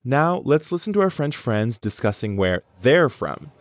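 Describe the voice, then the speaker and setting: A man teaching a language lesson, pronouncing words slowly and carefully for learners. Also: medium pitch, big pitch swings, dry recording, studio quality. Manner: slow, careful pronunciation for learners. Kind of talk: scripted lesson narration.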